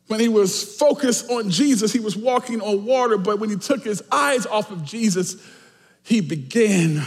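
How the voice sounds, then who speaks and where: A pastor delivers a sermon at normal speed, swinging emphatically between loud, shouted lines and soft asides. His voice sits high for a man and rings through a reverberant church hall.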